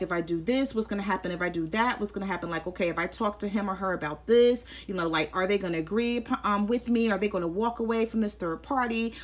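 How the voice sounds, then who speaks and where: A woman's voice: mid-range voice, a bit bright. A woman giving a casual tarot reading, chatty and conversational, often checking in with "okay?". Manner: chatty, repeats "I'm feeling like" and "okay?". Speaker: tarot reader.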